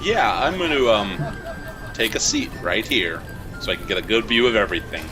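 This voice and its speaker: Relaxed male tabletop player. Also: lowish voice, normal speed, over music, rough recording. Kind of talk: casual tabletop role-play.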